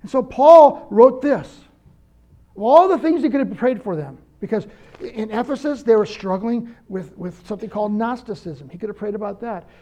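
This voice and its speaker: A man's voice: high-pitched, expressive, normal speed, dark tone. An older man preaching a conversational sermon, earnest and personal, telling stories to make his point. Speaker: pastor.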